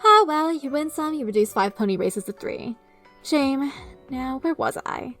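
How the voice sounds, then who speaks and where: A smug male chaos spirit, put on by a woman, drawling in an exaggerated posh manner. He mocks and lingers over his words, pitched a little high, with faint music underneath. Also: lively intonation, a little slow, fairly bright tone. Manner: falsely posh, drawling, mocking.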